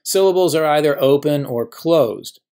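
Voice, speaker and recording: A middle-aged man teaching a recorded grammar lecture, patient and methodical, slowing down to sound out each example word. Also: a little high, a little mellow. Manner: patient, stretches out example words slowly. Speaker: professor teaching biblical Hebrew.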